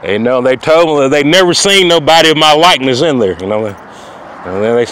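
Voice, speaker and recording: A man's voice: medium pitch, expressive, brisk, poor audio. Rambling man outside amid traffic noise. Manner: repetitive, keeps asking "you know what I mean". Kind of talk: rambling monologue to camera. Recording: loud outdoor street noise.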